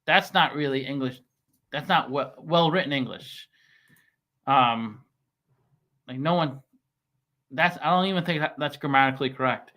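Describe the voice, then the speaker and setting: A man hosting a casual stock commentary channel, talking with halting restarts and plenty of fillers. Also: mid-range voice, sharp tone. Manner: reads scam email aloud mockingly. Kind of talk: casual chat.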